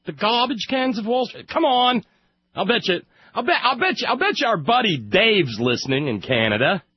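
A man doing a high, affected mock-British voice as a smug, prissy Englishman. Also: wildly swooping pitch, takes it slowly, slightly rough, dry recording, highs cut off, full character voice. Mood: mocking posh.

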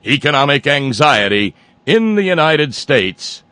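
A man putting on a pompous, high-pitched newscaster. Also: big pitch swings, unhurried, bright, forceful tone, no echo, exaggerated voice. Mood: mock-grave. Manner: mock-solemn, emphatic announcer delivery. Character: pompous male TV newscaster, grave and formal.

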